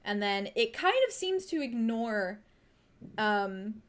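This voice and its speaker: A young adult woman serving as game master, narrating a tabletop game with unhurried, vivid scene-setting. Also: fairly high pitch, very animated.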